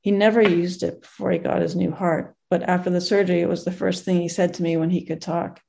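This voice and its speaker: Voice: mid-range voice, flat delivery, a little fast, gravelly, mellow, lightly acted. A storyteller voicing an earnest mother explaining a change in her son. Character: mother of a transplant recipient.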